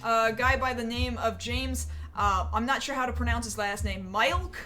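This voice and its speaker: Young woman hosting a chat show, highish voice, rambly and full of ums, faint hiss behind. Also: normal speed, sharp tone. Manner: chatty, rambling with many fillers. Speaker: show host. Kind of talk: casual chat.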